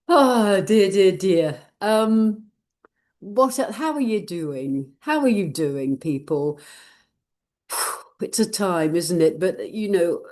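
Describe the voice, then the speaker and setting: A woman's voice: medium pitch, lively intonation, slow, pauses often, a little mellow. An older woman chatting casually to her viewers, rambling and laughing often. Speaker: channeler and vlog host. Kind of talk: casual personal chat to viewers.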